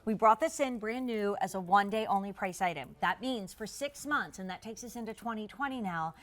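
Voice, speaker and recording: A woman's voice: mid-range voice, a little fast, a bit bright. A woman hosting a live shopping channel segment, chatty and gushing as she tastes and sells the food. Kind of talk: live TV sales pitch.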